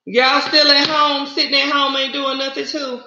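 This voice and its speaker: A woman's voice: sits high, flat delivery, moderate pace, pushed and bright. A woman with a Southern US accent chatting casually on a livestream, greeting viewers and calling them honey and y'all. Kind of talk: casual live-stream chat. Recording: roomy, slightly dull lo-fi sound.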